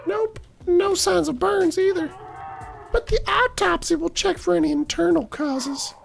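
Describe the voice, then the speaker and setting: A man voicing a sarcastic police officer in a noir-style detective game, with snarky, deadpan put-downs. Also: very high voice, a little slow, creaky, soft background music, voice pushed up, heavily acted.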